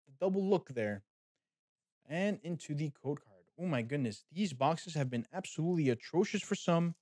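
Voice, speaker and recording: A man's voice: a little high, no room sound, studio quality. A man hosting a card pack opening, talking casually and animatedly straight to his viewers. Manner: animated, chatty, talks to viewers as guys. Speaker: card-opening channel host.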